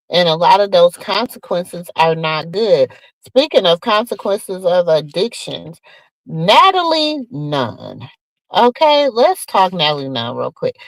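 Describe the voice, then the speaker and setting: A woman hosting a casual gossip show, talking straight to her viewers in an animated, chatty way. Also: on the low side, dry recording, low-quality recording. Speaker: podcast host.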